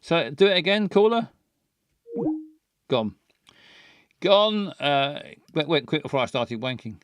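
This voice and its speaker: Comedy host, lively voice, unhurried, crude improv chat, dry close sound. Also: male voice, a little high, smooth, dry recording. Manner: crude, rambling, stammering restarts.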